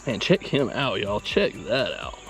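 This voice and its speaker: Pitch swooping wildly, a mid-range-voiced fishing channel host talks a little slowly as he wades and casts in a mountain creek. His vlog commentary is casual, easygoing, and chatty, with music in the background and insect sounds in the outdoor field recording.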